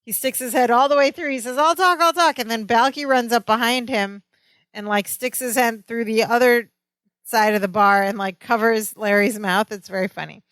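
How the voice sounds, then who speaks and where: A woman's voice: fairly high pitch, fairly even intonation, normal speed, a bit bright, no room sound. A woman co-hosting a podcast, chatting casually as she retells a sitcom episode and quotes the characters with animation. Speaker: podcast co-host. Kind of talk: casual chat recapping a sitcom.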